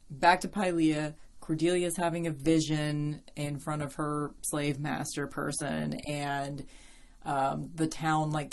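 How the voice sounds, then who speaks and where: A woman with a notably low voice talks through her podcast in an easy, rambling way. She laughs often, drifts into side tracks and swears casually, recorded at home. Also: gravelly. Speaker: podcast host. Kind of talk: casual chat.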